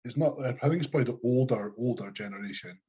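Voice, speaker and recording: A Scottish man in casual podcast chat, blunt and sweary, with a mellow, husky voice at middle pitch. The recording sounds dull and lo-fi. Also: fast talker. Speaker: podcast co-host.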